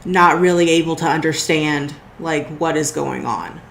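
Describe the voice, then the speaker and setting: A woman with a lowish voice runs a tabletop game as game master. She narrates in a loose, easygoing way, full of fillers, and her voice carries a roomy echo. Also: normal speed, creaky, fairly bright tone, a little hiss or hum. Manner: loose, with frequent fillers and restarts.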